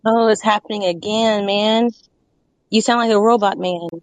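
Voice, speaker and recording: A woman hosting a call-in podcast, talking quickly and reassuringly as she directs a caller. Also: mid-range voice, fairly even intonation, dry recording, low-quality recording. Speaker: podcast host. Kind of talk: casual podcast chat.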